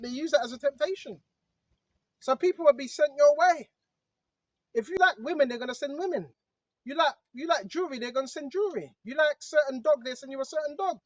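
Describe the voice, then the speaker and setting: In a lo-fi recording with no room sound, a man with a very high voice talks casually to his viewers about religion as an online preacher, sprinkling his conversational monologue with "bro" and "right?".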